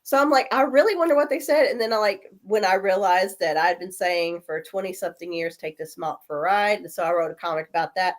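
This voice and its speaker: A woman in her forties, coming down with a cold, telling animated stories in a casual chat and acting out the voices of people in them. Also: on the low side, a little fast, hardly any pauses. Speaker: guest. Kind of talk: casual storytelling.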